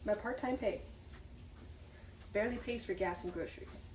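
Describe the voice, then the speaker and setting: A woman's voice: mid-range voice, normal speed, a little mellow, slight background noise. Chatty woman vlogger in an echoey room. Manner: candid, chatty, upbeat about a hard time. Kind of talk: casual talking-to-camera vlog. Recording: echoey room from some distance, faint ambience.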